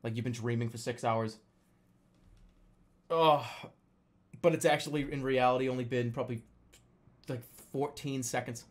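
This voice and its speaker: A young man casually telling a story, swearing freely and loudly acting out the lines he quotes. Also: medium pitch, fairly even intonation, moderate pace, long pauses. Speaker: storyteller recounting a dream.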